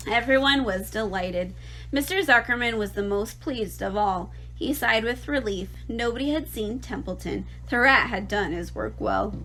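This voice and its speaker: A woman teacher reading a children's novel aloud in an expressive, lively way. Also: a little high, moderate pace, a little hiss or hum, low-quality recording.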